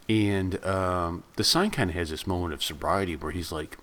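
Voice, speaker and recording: A man's voice: deep voice, moderate pace, few pauses, fairly bright tone. A man reviewing a film in a casual, rambling retelling full of asides. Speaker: movie reviewer.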